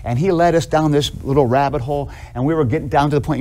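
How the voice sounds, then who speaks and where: A middle-aged man lecturing in a seminary classroom, telling stories in a casual, animated way with many fillers. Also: on the high side, fast talker, a little hiss or hum. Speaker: seminary professor.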